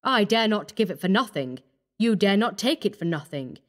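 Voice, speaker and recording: A woman voicing a cold, scheming young male doctor who talks calmly and menacingly. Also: medium pitch, normal speed, natural voice. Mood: coaxing. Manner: calm, coaxing, menacing.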